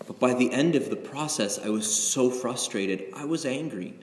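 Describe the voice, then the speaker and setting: A man's voice: mid-range voice, normal speed, a little mellow, slight background noise. A middle-aged male pastor preaching a sermon in a conversational, confessional way, often checking in with "right?". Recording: echoey hall with long reverb.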